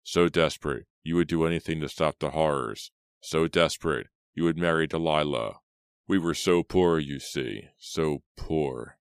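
A man's voice: rumbling low, measured pace, vocal fry, clean tone, no room sound, studio quality, full character voice. A man voicing a desperate, pleading clergyman. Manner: pleading, urgent.

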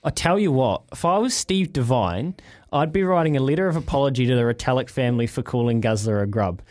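A man's voice: mid-range voice, expressive, fast, darkish tone. A man hosting a breakfast sports radio show, bantering and teasing his co-hosts.

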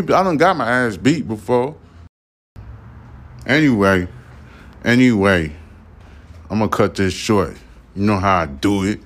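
A man in his forties hosting a podcast, telling stories in a casual monologue full of profane street slang and asides. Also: lowish voice. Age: 40s. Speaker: podcast host.

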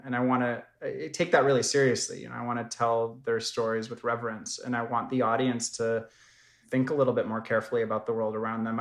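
Speaking with a medium-pitched, slightly bright voice in a roomy-sounding space, a man reflects on his documentary filmmaking during a casual interview. He comes across as thoughtful, though his speech is full of false starts and filler words.

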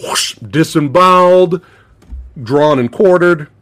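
A male podcast host chatting casually about a movie, animated, swearing freely, laughing often and acting out movie lines. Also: fairly high pitch, slow. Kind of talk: casual movie review chat.

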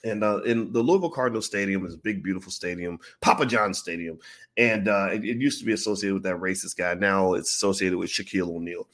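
A man's voice: deep voice, fast talker. A man casually telling a long, profane personal story, acting out the voices of the people in it. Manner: animated, profane, acts out quoted voices.

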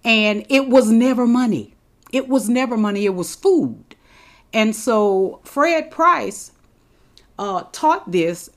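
A woman preaching to her congregation. Her voice sits in a middle pitch, and she talks plainly and emphatically, often repeating a line to drive it home. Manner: emphatic, conversational, repeats for stress. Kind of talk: sermon.

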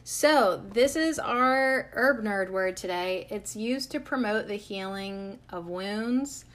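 Slow, playful woman hosting an herb lesson. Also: medium pitch, fairly bright tone. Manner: playful, chatty, self-deprecating. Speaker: herbal podcast host. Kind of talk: casual podcast lesson.

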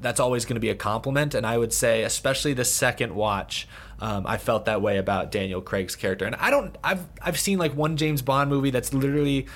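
A man's voice: medium pitch, fairly even intonation, brisk, fairly bright tone. A man hosting a podcast, chatting casually about a film and steering the discussion with questions. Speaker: podcast host. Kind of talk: casual movie review chat.

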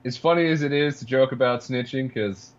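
Male sports podcast co-host, sarcastic and wry, mid-pitched, dull lo-fi recording. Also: brisk. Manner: dry, sarcastic, laughs while talking. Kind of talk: casual sports podcast chat.

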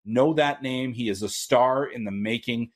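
A man's voice: medium pitch, moderate pace. Chatty male hockey podcast host. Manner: loose and chatty, with frequent ums and restarts. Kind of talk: casual solo podcast talk.

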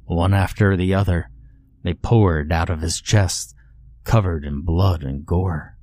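A man narrating a horror story in a measured, grim storytelling manner. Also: low voice, fairly even intonation, a little mellow, slight background noise.

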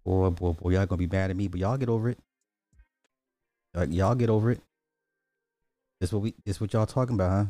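A man's voice: sits low, a little fast, pauses often, dark tone, no echo, soft background music. A man giving casual commentary, ranting crudely and repeating himself in disbelief. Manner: crude, repetitive, incredulous ranting. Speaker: online commentator.

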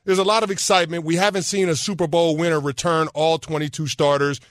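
A man's voice: fairly high pitch, steady tone, fast talker, dry recording. A man co-hosting a sports radio show, a former pro football player, talking in an easygoing, emphatic way. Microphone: studio microphone.

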